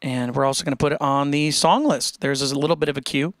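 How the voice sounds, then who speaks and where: A man's voice: mid-range voice, fairly even intonation, fast, no echo, studio quality. A man hosting a live music stream, chatting casually and jokingly while he reads out viewer donations. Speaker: livestream music show host. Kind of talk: casual livestream chat between songs.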